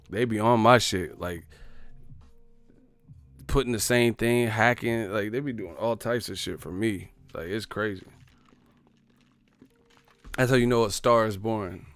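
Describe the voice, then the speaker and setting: A man's voice: on the low side, a little slow, pauses often, a bit bright, no room sound, soft background music. A man hosting a boxing live stream, ranting in a profane, joking, exasperated way. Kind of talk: casual live-stream rant.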